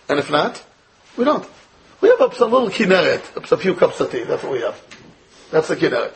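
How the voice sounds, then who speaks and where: Here a man from the United States teaches Torah as a rabbi, using plenty of Hebrew and Yiddish and challenging students with rhetorical questions. His voice sits high, there's slight background noise, and the audio is poor.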